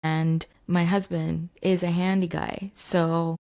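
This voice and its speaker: Gravelly-voiced woman chatting to camera. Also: fairly low pitch, flat delivery, slow pace, darkish tone. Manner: chatty, frequent fillers. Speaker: mindset coach. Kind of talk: casual storytelling to camera. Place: home basement.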